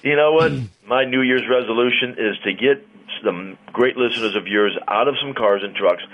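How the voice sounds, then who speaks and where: A man's voice: mid-range voice, moderate pace. A man who owns a car dealership, bantering playfully on a radio show. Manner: jokey, playful salesman patter. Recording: tinny phone line.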